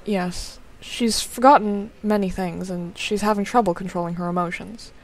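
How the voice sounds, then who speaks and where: A woman voicing a calm male doctor in a game, speaking quietly and measuredly. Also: mid-range voice, normal speed, close to an everyday voice, low-quality recording.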